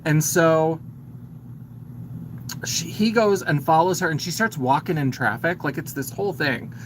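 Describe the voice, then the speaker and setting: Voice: mid-range voice, unhurried, a little hiss or hum, poor audio. A man hosting a live stream, casually retelling a film's plot in a chatty, filler-heavy way and greeting viewers as he goes. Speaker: host.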